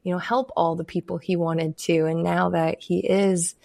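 Low, gravelly-voiced woman podcast host. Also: level tone, moderate pace, a little mellow, no room sound, studio quality. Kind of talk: casual podcast conversation.

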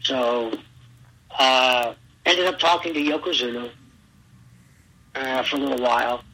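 A middle-aged man with a husky, sharply bright voice recounts his wrestling days to an interviewer. He acts out the people he quotes with loud bursts, and the sound has a thin phone-line quality. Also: mid-range voice, unhurried. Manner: animated storyteller, acts out quotes loudly. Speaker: guest, former pro wrestler. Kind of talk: storytelling interview.

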